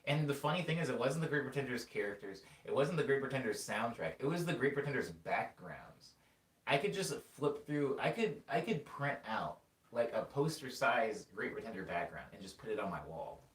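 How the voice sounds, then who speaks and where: A young male music streamer with a medium-pitched voice answers chat at a normal speed, wandering off track as he tells stories. His storytelling is rambling, animated and full of filler words. The room is echoey, and he sounds a bit off-mic and far away.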